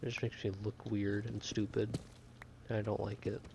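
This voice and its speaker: A man's voice: fairly low pitch, flat delivery, moderate pace, gravelly, noisy background. A young man streaming a game, chatting casually and rambling to his viewers in a self-deprecating way. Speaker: gaming streamer. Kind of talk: casual gameplay chat with chat. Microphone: desk microphone.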